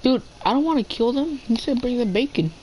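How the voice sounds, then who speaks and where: A man's voice: very high-pitched, lively intonation, a little fast, darkish tone, a little hiss or hum, poor audio. A teenage boy chatting casually while playing a video game, playful and talking to the animals in the game. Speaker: gamer. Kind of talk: casual gameplay chat.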